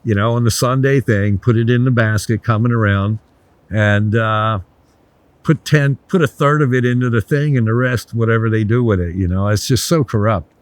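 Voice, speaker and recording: An older man, a resort founder, telling blunt, animated anecdotes in a casual interview, swearing freely. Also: fairly low pitch, normal speed, no room sound.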